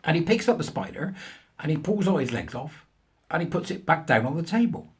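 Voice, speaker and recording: A man's voice: a little high, very animated, brisk. Crude, ranting man. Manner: crude, ranting, laughs at his own jokes. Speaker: host. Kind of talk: commentary and joke telling.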